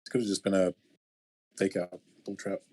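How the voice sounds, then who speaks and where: A man's voice: deep voice, level tone, moderate pace, dark tone. A man giving matter-of-fact live market commentary on a trading stream.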